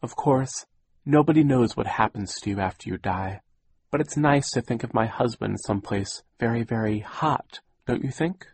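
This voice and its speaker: A man's voice: medium pitch, normal speed, darkish tone, husky, dry recording. A man voicing a fussy, anxious older widowed aunt who gets teary and speaks very properly, in an audiobook reading. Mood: tearful.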